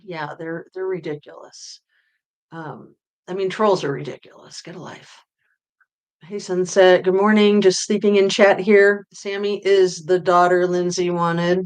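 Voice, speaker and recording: A woman hosting a casual livestream, reading viewer comments aloud and answering them, her voice often trailing off quietly at the ends of phrases. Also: medium pitch. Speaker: true-crime livestream host.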